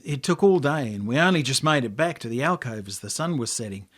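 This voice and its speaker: A man with an Australian accent, the author, reading his own story aloud in a slow, hushed, expressive storytelling manner. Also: medium pitch.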